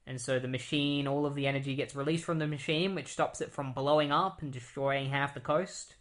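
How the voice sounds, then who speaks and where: A man's voice: medium pitch, steady tone, brisk, a bit bright. A man hosting a podcast, casually retelling a comic book story with lots of fillers. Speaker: podcast host.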